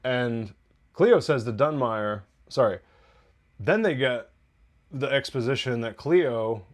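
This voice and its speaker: A man's voice: medium pitch, animated, takes it slowly. A man hosting a TV review podcast, recapping an episode in a loose, chatty way with profane asides and laughs.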